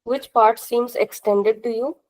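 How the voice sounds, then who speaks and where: A woman teaches an online class in a slightly raised voice. She is patient and methodical, going over each rule again and asking students whether it is clear. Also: fairly high pitch, fairly even intonation, measured pace, darkish tone, poor audio. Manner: patient, repeats rules and checks understanding. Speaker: language teacher. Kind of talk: live online class instruction.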